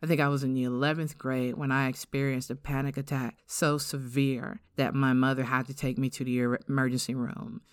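A middle-aged woman with an African-American English accent hosting a podcast, giving an earnest, reflective personal testimony and slowing down to stress key words. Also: very deep voice, little pitch movement, clear, resonant tone, dry recording, studio quality. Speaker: podcast host.

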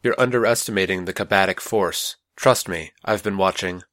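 A man reading an audiobook, voicing an impatient, sharp-tongued female scientist on Mars with curt, clipped retorts. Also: sits low, normal speed, no room sound, studio quality. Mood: curt, anxious. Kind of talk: audiobook character voice.

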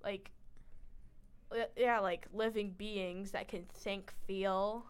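A woman's voice: medium pitch, steady tone, takes it slowly, clear, resonant tone. A teenage girl co-hosting a casual radio chat, rambling and giggly with lots of fillers. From United States. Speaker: co-host.

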